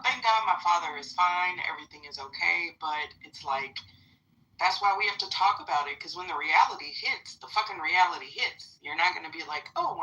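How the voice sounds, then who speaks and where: A woman's voice: low voice, sharp tone, far from the mic, lo-fi sound, slight background noise. A middle-aged woman hosting a live audio chat room, talking bluntly and casually, swearing freely and addressing the listeners directly.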